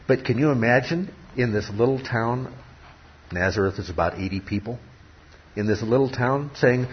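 A man's voice: lowish voice, unhurried, slight background noise. A man teaching from the Bible. He stresses key words by repeating them and throws rhetorical questions at his listeners. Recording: dull lo-fi recording with faint ambience.

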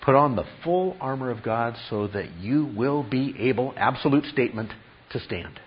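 A man's voice: mid-range voice, animated, normal speed, dull audio, a little hiss or hum. A man preaching a sermon, stressing his points through repetition and questions to the congregation. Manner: emphatic, repeats key phrases, asks the congregation questions. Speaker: pastor.

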